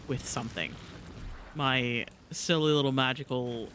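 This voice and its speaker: A man's voice: on the high side, expressive, measured pace, sharp tone, a little hiss or hum. An American man streaming a video game, chatting casually, laughing often and exclaiming a lot. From United States. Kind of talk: casual gameplay commentary.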